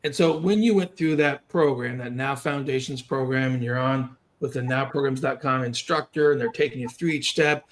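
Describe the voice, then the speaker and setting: A man hosting a podcast, explaining reading steps in a quick, encouraging, coaching way. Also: medium pitch. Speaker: podcast host and reading instructor. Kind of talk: conversational coaching.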